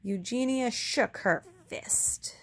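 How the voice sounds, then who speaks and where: A woman teacher reading a children's book aloud, pausing to explain words for young kids. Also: on the high side, breathy edge.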